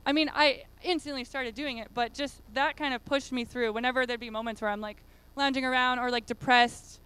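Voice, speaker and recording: Woman, conference speaker, high voice, chatty with lots of "like"s, very clear sound. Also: fairly even intonation, a little fast, few pauses, bright, forceful tone. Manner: chatty, many fillers and "like"s. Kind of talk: casual conference talk. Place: conference room.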